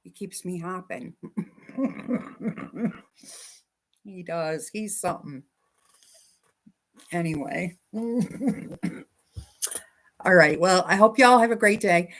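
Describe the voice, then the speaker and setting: A woman's voice: lowish voice, slow pace, long pauses. A woman hosting a casual quilting livestream from her home sewing room, chatting with viewers about their comments and talking to her dog.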